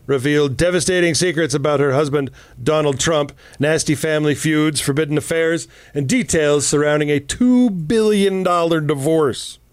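Man, podcast co-host, sarcastic, reading news with jokes, slightly high pitch, dry mic. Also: moderate pace, hardly any pauses, clear, resonant tone, no room sound. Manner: sarcastic, reads news items aloud with asides. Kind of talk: casual political chat.

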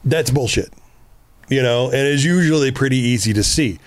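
With a mid-range voice at normal speed and no room sound, this co-host chats casually about relationships. He's blunt and swears a lot, dramatically performing quotes of his own words.

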